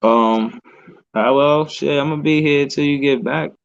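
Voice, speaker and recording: A man's voice: a little high, a little slow, creaky, clean tone, no room sound, highs cut off. A man hosting a casual sports talk show, slangy and emphatic, hammering the same points over and over. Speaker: sports podcast host. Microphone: phone.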